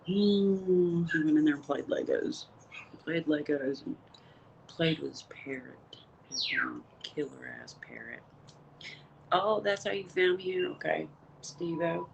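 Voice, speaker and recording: A woman's voice: deep voice, measured pace, creaky, pauses often, dull audio. A middle-aged woman livestreaming casual, rambling chat, cussing freely and talking straight to her viewers. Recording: noisy phone livestream.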